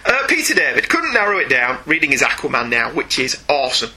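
A man's voice: medium pitch, wildly swooping pitch, fast, bright, forceful tone, rough recording. A man co-hosting a casual chat show, reading listener mail aloud with a playful, laughing manner. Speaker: podcast co-host reading listener email.

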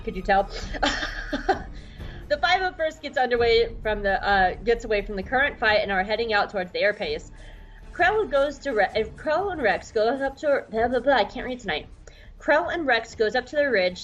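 A woman's voice: a little high, a bit bright, highs cut off, a little hiss or hum. Chatty woman recapping a cartoon. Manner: chatty, irreverent. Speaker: podcast host. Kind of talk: casual recap.

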